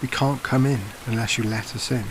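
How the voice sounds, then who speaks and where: A man's voice: mid-range voice, a little fast, background noise, natural voice. A man voicing a cold, eerie younger boy. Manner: flat, insistent demands.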